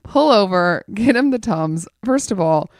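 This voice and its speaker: Woman, casual podcast chat, animated storyteller, filler-heavy, average pitch, dry close mic. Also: a little slow, dry recording.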